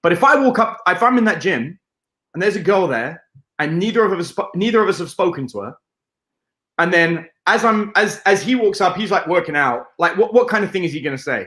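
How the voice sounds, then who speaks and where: A British man, a dating coach, telling stories in a lively interview with a playful, swearing manner, acting out scenes. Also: a little fast, roomy sound. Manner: playful, swearing, acts out scenes in high put-on voices. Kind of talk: animated interview storytelling.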